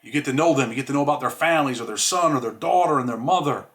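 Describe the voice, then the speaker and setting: A man's voice: medium pitch, racing, fairly bright tone. A man hosting a casual monologue, talking in streetwise slang and saying "man" often. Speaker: host.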